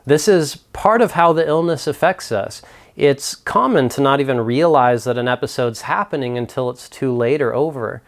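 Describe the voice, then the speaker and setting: A man's voice: medium pitch, animated, moderate pace. A man hosting a mental health video, narrating a story and reflecting earnestly in a scripted delivery.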